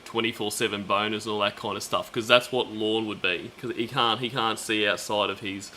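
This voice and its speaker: An Australian man co-hosts a casual chat in an easygoing, curious way. His tone is bright and forward, and a faint hiss runs behind him. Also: lowish voice, steady tone, a little fast. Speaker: co-host.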